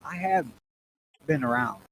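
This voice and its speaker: Blunt swearing northern co-host. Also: male voice, on the high side, lively intonation, measured pace, fairly bright tone, a little hiss or hum, rough recording. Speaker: podcast co-host. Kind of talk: casual crude podcast banter.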